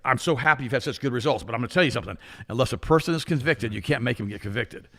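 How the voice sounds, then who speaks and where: An older man co-hosting a health talk show, telling stories in a casual, animated way and acting out the people he quotes. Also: medium pitch, racing. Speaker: co-host. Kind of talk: casual storytelling chat.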